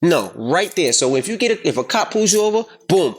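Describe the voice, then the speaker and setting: A man in his thirties co-hosting a casual podcast, telling a story with lots of swearing and loudly acting out the voices of the people in it. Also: high voice, brisk. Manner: animated, profane, acts out quotes loudly. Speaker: podcast co-host.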